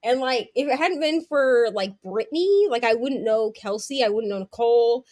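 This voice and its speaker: A high-voiced woman chats casually as a stream host. She tells stories with quick asides and laughs often. The sound is dry and close. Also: darkish tone, dry recording. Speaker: host of a long reading and craft sprint stream. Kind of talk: casual chat.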